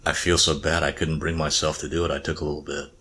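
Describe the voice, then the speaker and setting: A man voicing a guilty doctor in a told joke, confessing in a low, subdued husky voice. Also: flat delivery, fast, sharp tone, heavily acted. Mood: sheepish. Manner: sheepish, apologetic.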